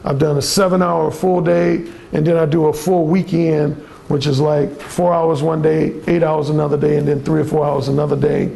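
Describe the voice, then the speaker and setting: A man's voice: fairly high pitch, level tone, moderate pace, creaky, hardly any pauses, warm tone. A man who is a dating coach, giving a blunt and profane storytelling talk to a live audience at a seminar.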